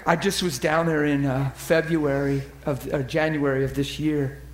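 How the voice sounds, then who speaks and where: A man telling ministry stories in a sermon, acting out the people he quotes and dropping to a soft near-whisper at tender moments. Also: a little high, level tone, normal speed, roomy sound, a little hiss or hum. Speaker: preacher. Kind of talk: storytelling sermon.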